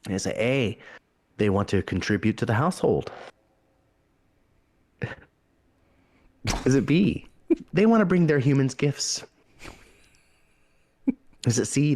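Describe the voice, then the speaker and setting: Guy running a trivia game, lively pitchy voice, jokey. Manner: joking, laughs often, animated delivery. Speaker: quiz host. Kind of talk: casual podcast chat, reading trivia questions.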